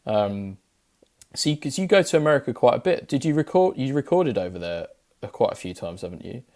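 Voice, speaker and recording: A man hosting an interview, relaxed and encouraging, with short affirmations. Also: mid-range voice, brisk. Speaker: host. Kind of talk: casual interview chat.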